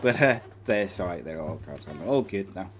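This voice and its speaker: A man's voice: sits low, expressive, moderate pace. A man co-hosting a podcast, chatting casually over drinks and reading out viewer messages in a laid-back way. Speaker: podcast co-host.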